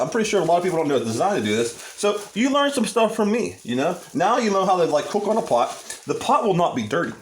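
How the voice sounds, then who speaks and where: A man's voice: on the high side, echoey room, slight background noise. A man rambling cheerfully through a casual home cooking vlog at his stove, restarting sentences often. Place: small home kitchen at the stove.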